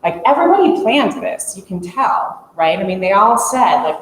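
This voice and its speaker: A woman's voice: fairly low pitch, unhurried, hardly any pauses. Woman telling a story in an echoey hall. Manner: lively, laughs through her story. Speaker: conference speaker. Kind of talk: storytelling talk to an audience. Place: conference room. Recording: echoey conference room, faint hum.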